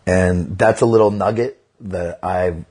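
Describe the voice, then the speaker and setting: A middle-aged man, a comedian guest on a podcast, talks bluntly and swears freely. His voice sits low and has a husky edge. He tells stories with animated energy. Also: a little slow. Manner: blunt, profane, animated storytelling. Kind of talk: casual podcast interview.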